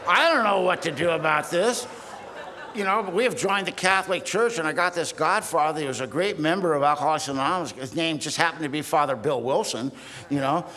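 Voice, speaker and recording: A Southern California man in his sixties shares his recovery story from a podium at a meeting, blunt, streetwise, and self-mocking. His voice is on the high side, sharp-toned, and a little fast, heard on an archival recording in a large hall with long reverb.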